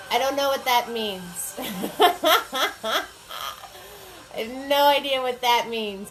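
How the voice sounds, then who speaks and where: A woman's voice: sits high, lively intonation, takes it slowly, long pauses, a bit bright, poor audio. A woman hosting a live painting class, chatting with viewers and greeting them by name as she works. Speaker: paint party instructor. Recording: faint music behind.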